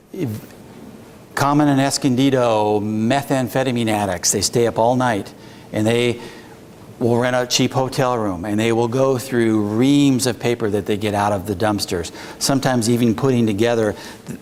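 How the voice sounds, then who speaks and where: A police investigator giving an informal, halting presentation, full of fillers and restarts. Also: male voice, medium pitch, fairly even intonation, darkish tone, slight background noise. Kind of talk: informal presentation at a public talk.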